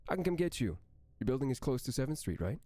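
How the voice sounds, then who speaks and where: A man's voice: medium pitch, big pitch swings, fast talker, mellow, dry recording, pitched above the performer's own voice, lightly acted. A man voicing a cheerful young woman who chats with her friend on the phone, in a light, breezy manner. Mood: breezy, friendly. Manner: light, breezy, slips into an accent.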